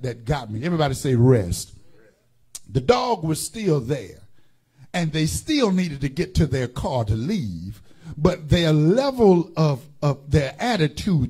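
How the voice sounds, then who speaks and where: A man's voice: mid-range voice, dark tone, slightly rough. A man preaching a sermon as pastor, calling on the congregation to repeat words and telling stories with many fillers and restarts. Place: church.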